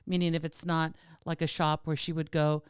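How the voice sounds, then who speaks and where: A woman co-hosting a podcast in casual chat, lively, explaining things step by step with many tag questions. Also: low voice, normal speed, clean tone, no echo, studio quality. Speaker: podcast co-host.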